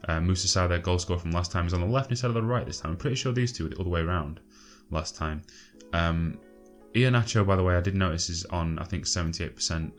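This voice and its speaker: A low-voiced man talks through his game in a loose, chatty way. He sounds exasperated, swears freely and fills gaps with ums. Faint music plays underneath. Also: quick pace, hardly any pauses. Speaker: gaming channel host. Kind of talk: casual gameplay commentary.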